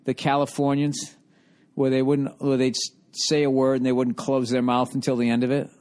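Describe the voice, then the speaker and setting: A man's voice: mid-range voice, monotone, moderate pace, a little mellow. Profane, rambling middle-aged man. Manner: sarcastic, exasperated. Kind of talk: casual comedic monologue.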